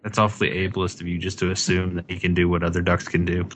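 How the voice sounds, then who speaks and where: A man co-hosting a podcast, chatting casually in a sarcastic, deadpan way. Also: sits low, fast talker, a little hiss or hum. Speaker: podcast co-host. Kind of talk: casual chat.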